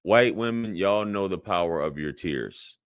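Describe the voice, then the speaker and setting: A man's voice: low voice, expressive, unhurried, clear, resonant tone, dry recording. A man hosting a podcast and reacting to a clip, emphatic and indignant, repeating his points for effect. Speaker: podcast host reacting to clips. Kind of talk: commentary on a video clip.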